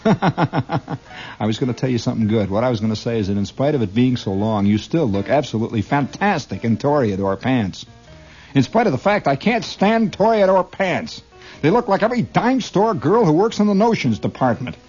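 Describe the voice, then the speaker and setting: A man's voice: medium pitch, sing-song, normal speed, darkish tone, muffled recording, soft background music. A middle-aged man performing a comedy monologue as one side of a conversation, talkative and argumentative, stammering and restarting, with chuckles at his own lines.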